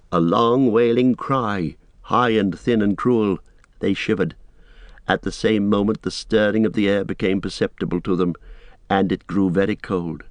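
A man with a lowish voice narrates a fantasy audiobook in a measured, steady storytelling style. There is no room sound.

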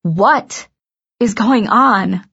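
A stunned, anxious teenage girl asks quiet, bewildered questions, as a woman reads her. Her voice is close to the narrator's own, at a middling pitch. The audio is muffled and lo-fi. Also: normal speed, lightly acted. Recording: dull lo-fi audiobook recording.

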